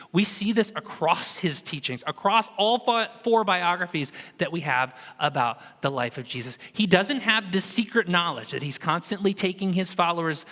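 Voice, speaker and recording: Bright-voiced man preaching in a reverberant hall. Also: a little high. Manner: conversational, animated storytelling with acted quotes. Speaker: pastor. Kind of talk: sermon. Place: church sanctuary.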